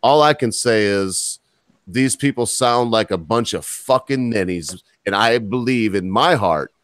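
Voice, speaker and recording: Recorded dry, this American man speaks at a measured pace in a fairly low pitch. He hosts a podcast, reading out news stories and interrupting them with mocking, blunt commentary.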